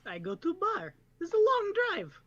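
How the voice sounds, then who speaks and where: A blustering bear professor. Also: male voice, extremely high pitch, huge pitch swings, a little slow, fairly bright tone, no echo, lo-fi sound, heavily acted. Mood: blunt. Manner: mock Russian accent, curt retorts. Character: lanky male brown bear professor, blustering, rude.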